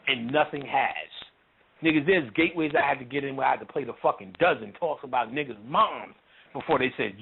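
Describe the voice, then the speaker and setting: A man's voice: medium pitch, expressive, fairly quick, creaky, breathy edge. A man teaching occult ideas in casual, profane, joking talk, acting out other people's voices as he goes. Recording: tinny phone-like recording with faint hiss.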